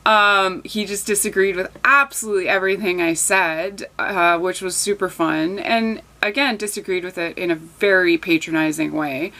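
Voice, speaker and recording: A young adult woman vlogger telling a story in a chatty, animated way, with lots of fillers and restarts. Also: mid-range voice, normal speed, hardly any pauses. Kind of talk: casual storytelling vlog.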